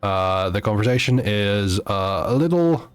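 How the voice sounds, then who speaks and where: A man's voice: on the low side, animated, clear, resonant tone, soft background music. Chatty man streaming a game. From Netherlands. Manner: chatty, halting, with many fillers and restarts. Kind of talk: live gameplay stream chat.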